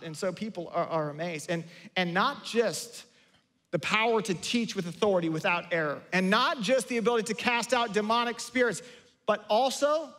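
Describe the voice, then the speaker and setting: A male pastor delivers a sermon in a high, light voice. He talks in a loose, conversational way, restarting phrases and acting out quotes with lively energy. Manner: conversational, animated, with repeated restarts and acted-out quotes. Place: church sanctuary.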